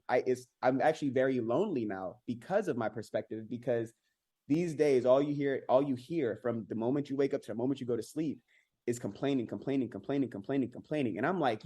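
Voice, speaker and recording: A man telling his own story as a podcast guest, earnest and halting, with many repeated words and restarts. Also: mid-range voice, mellow. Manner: rises sharply when mimicking others. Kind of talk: candid personal storytelling.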